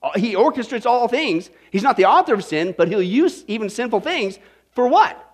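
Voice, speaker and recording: A man preaching a sermon as a Bible study teacher, folksy and animated, constantly firing rhetorical questions at his congregation. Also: very high-pitched, moderate pace.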